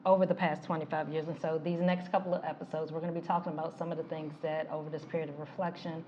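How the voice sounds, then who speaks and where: Reflective middle-aged woman, low voice. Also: flat delivery, dark tone, muffled recording, a little hiss or hum. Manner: measured, reflective. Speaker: relationship coach and podcast co-host. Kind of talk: casual couple's talk show chat.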